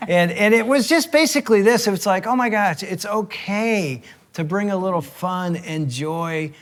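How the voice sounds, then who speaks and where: A man's voice: high-pitched, normal speed. A middle-aged man co-hosting a talk show, telling stories and acting out the quotes. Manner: animated storyteller, acts out quotes. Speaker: pastor and podcast co-host. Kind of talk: casual storytelling chat.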